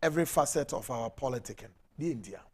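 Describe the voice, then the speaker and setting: A man's voice: medium pitch, lively intonation, fast, slightly rough. Fiery Ghanaian man ranting about politics. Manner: fiery, ranting, switching between Twi and English. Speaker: talk show host. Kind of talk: impassioned political commentary.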